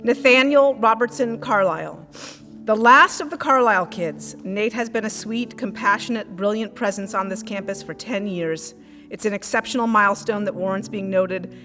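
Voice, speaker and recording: A woman's voice: medium pitch, a bit bright, big-room sound. A woman teacher reading prepared graduation tributes for students, with small stumbles over words. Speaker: school teacher. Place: school event hall.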